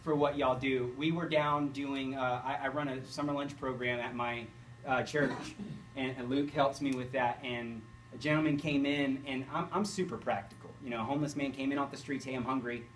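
A man's voice: mid-range voice, steady tone, normal speed, fairly bright tone. A man, a pastor, rambling eagerly as he tells a group his stories. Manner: rambling, self-correcting, enthusiastic. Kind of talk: casual storytelling to a group. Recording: distant mic, faint background noise.

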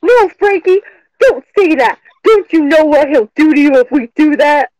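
A woman's voice: high-pitched, lively intonation, normal speed, a little mellow, dry recording, low-quality recording. A woman voicing a melodramatic, lovesick young runaway in a put-on Brooklyn accent that drifts Southern. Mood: pleading. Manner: melodramatic, pleading. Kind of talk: let's play voice acting.

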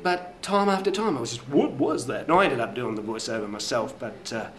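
Middle-aged aussie bloke, voiceover guy, rambling deadpan story, mid-pitched voice. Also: fast, a little hiss or hum. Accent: Australian. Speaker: voiceover artist. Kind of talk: mockumentary interview anecdote.

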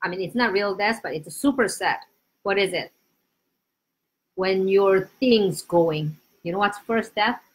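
A woman's voice: medium pitch, measured pace. A young woman with a Korean accent teaching a casual live-streamed Korean lesson, drilling pronunciation with lots of repetition.

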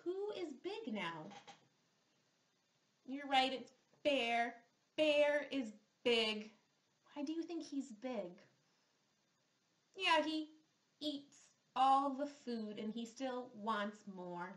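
A woman therapist reading a picture book aloud to young children, stopping to ask questions and to model speech sounds slowly and clearly. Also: sits high, lively intonation. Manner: slow, exaggerated sound modeling with questions to the listener. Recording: roomy echo.

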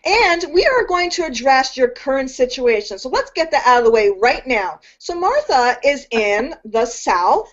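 A woman's voice: sits high, big pitch swings, moderate pace, few pauses. A woman hosting an interview show, bubbly and enthusiastic, gushing over her guest. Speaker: show host. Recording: dull lo-fi web broadcast.

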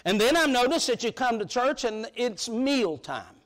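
Male preacher, very high pitch, emphatic, colloquial, shouts at the peaks. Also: big pitch swings, moderate pace. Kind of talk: sermon. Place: church sanctuary.

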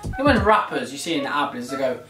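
A young man chatting excitably and joking through a challenge vlog. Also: mid-range voice, quick pace. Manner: excitable, chatty, jokey self-commentary. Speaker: YouTuber. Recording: echoey room with loud music behind.

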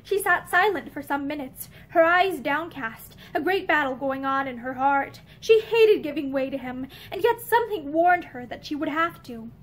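A woman reads a novel aloud at a measured pace, giving the narration expression. Her voice is high and moves in lively rises and falls. The delivery is clear, steady storytelling. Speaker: reader. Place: indoor room with bookshelves.

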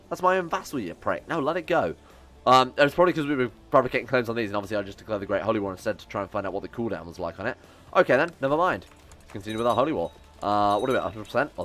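A man's voice: on the low side, a bit bright. A young man giving casual, chatty gameplay commentary, sarcastic and swearing as he talks back to the game's characters. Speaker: gaming YouTuber.

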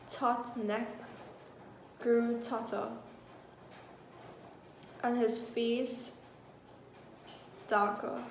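Brief: slow woman narrator reading a story, echoey room. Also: fairly high pitch, a little hiss or hum. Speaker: reader. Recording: echoey room with faint ambience.

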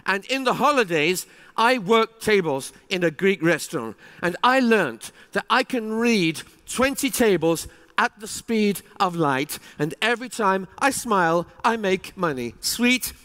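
A man giving a conference keynote speech, animated and emphatic, with rising exclamations. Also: sits high, a little slow. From England. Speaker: keynote speaker. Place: large conference hall. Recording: reverberant hall.

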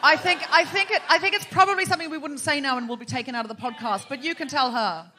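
An Australian woman hosting a live comedy podcast on stage, playful and quick to laugh. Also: high voice, some chatter behind, a little hiss or hum. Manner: animated, laughing, playful teasing. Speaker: podcast host. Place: live theatre stage before an audience.

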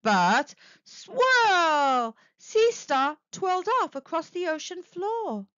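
Slow, lively high-voiced woman reading a picture book. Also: dry recording, dull audio. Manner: lively sing-song storybook reading. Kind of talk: children's read-aloud narration.

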